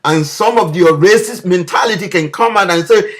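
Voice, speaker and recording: A man's voice: high voice, normal speed, hardly any pauses. A man delivering an impassioned political video message, leaning on repeated rhetorical questions. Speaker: political commentator.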